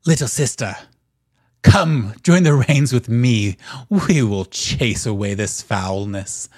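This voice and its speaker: A man's voice: medium pitch, expressive, slow pace, darkish tone, dry recording, clean studio sound. A man voicing a wild masculine spirit calling to his little sister. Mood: urgent.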